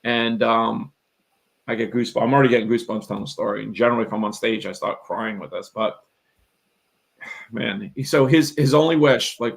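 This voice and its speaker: Gravelly, earnest middle-aged man. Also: medium pitch, a little fast, poor audio. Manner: earnest, rambling, emphatic, quotes himself and others. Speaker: real estate investor and coach. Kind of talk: storytelling in a live interview.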